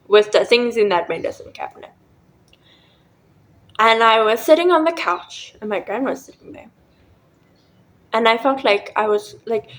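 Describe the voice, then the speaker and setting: A woman with a fairly high voice shares a painful personal story on her own show. She speaks earnestly and with emotion, often softly. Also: low-quality recording. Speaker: podcast host.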